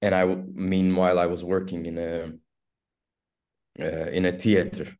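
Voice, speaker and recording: A man from Turkey with a Turkish accent, an actor telling stories in an interview, halting and restarting as he goes. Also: sits low. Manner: halting, restarts often, animated storytelling. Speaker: actor guest. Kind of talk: casual interview storytelling.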